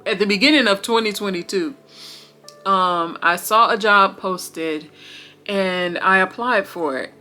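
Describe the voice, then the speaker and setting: A young woman talks to her viewers in a relaxed, heartfelt vlog, taking her time with each thought. Her voice is bright and clear. Faint music plays softly in the background. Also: mid-range voice, a little slow. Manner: chatty and heartfelt, calls viewers "girl" and "y'all". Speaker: vlogger. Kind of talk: casual chat to camera.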